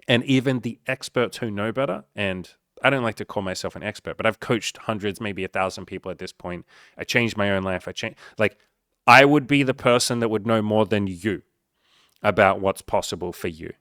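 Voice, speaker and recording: A man coaching straight to camera, his voice on the low side and recorded in a dry space. He speaks bluntly and emphatically, cursing freely as he pokes fun at self-doubt. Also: moderate pace, a bit bright, no room sound. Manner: blunt and profane, heavy swearing; emphatic, mocks the listener's inner voice. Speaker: life coach. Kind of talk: motivational monologue.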